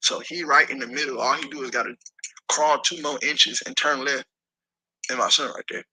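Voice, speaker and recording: A man telling a story as an interview guest, animated and profane, acting out the voices of the people in it. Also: mid-range voice, moderate pace, slightly rough, rough recording.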